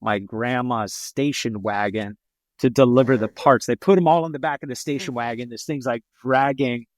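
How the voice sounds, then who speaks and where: A man at a middling pitch tells company history in a loose, chatty style. His speech wanders with frequent fillers and restarts. The recording is dry and close, with no room sound. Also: moderate pace, no room sound. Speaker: company representative on a podcast. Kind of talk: casual storytelling.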